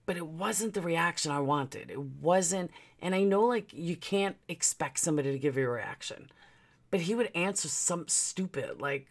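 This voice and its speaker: A woman's voice: fairly low pitch, animated, normal speed, vocal fry. A woman vlogger telling a personal story, candid and profane, with emotional swings.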